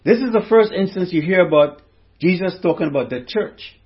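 High-voiced man preaching a sermon. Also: animated, fairly quick, muffled recording. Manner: preaching with rhetorical questions to the congregation. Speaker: pastor.

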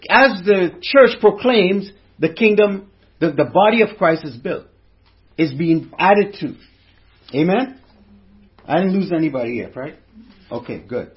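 A man's voice: sits high, dull audio. A man preaching a sermon as pastor, explaining scripture and asking the congregation questions.

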